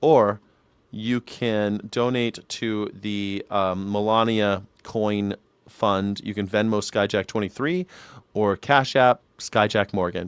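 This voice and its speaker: Young guy ranting live on his news stream, swears a lot, mocks the clips, smooth clear voice, dry close mic. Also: fairly low pitch, fairly even intonation, slow pace, dry recording. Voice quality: loud, mocking, swears freely, mimics voices. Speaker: news and culture commentator, livestream host. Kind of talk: profane live commentary reacting to clips.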